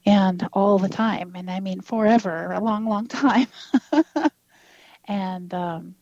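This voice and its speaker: A woman's voice: mid-range voice, steady tone, slow pace, darkish tone, dry recording. A woman in her fifties telling a personal story in a casual interview, acting out quoted dialogue and laughing often. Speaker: guest. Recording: dull lo-fi dry recording.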